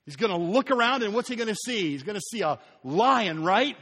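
A high-voiced man preaches a sermon in a church. He is animated, acting out the story and sometimes falling almost silent. His voice rings with long reverb through a large hall. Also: a little fast, breathy edge. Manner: animated preaching, acting out scenes and dropping to a near whisper. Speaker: pastor.

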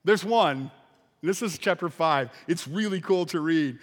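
A man's voice: on the high side, moderate pace. A pastor preaching a sermon to his congregation, emphatic and full of rhetorical questions. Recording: long reverb of a large hall.

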